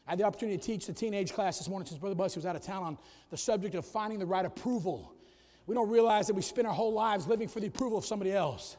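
A middle-aged man preaching a sermon as pastor of his church, swinging from quiet asides to shouted climaxes. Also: extremely high pitch, animated, fast talker. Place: church sanctuary. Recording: long church hall reverb.

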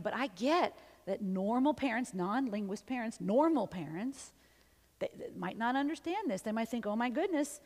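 Woman, linguist, conversational lecture, mixes English and Spanish, tag questions, long hall reverb. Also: medium pitch. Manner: lively, often ends points with "okay?" or "right?"; switches between English and Spanish. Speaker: linguist giving a symposium talk.

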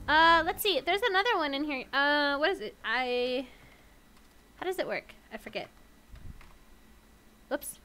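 A woman with a very high, bright voice plays a horror game on stream and keeps talking to herself and to her chat. She giggles often and jumps at scares, and her pitch swings about a lot while her pace stays slow and drawn out. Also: expressive, slight background noise.

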